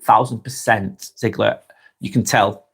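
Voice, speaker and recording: A man with a Lancashire accent, hosting a calm live stream, reading viewers' comments aloud and chatting back in an unhurried way with lots of ums and restarts. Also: fairly low pitch, creaky, husky. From North West England. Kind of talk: casual live-stream chat.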